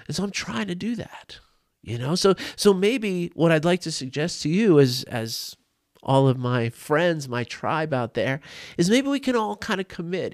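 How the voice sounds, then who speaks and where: A man's voice: a little high, no room sound, studio quality. A man hosting a podcast from his desk, talking earnestly and informally, often restarting and repeating words as he goes. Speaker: podcast host. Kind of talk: casual solo talk on men's mental health. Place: home desk.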